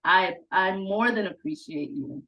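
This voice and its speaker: A woman as outgoing conference president giving a heartfelt, halting thank-you speech, fighting back tears. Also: medium pitch, gravelly, bright, forceful tone, low-quality recording. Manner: heartfelt, halting, with fillers and laughs.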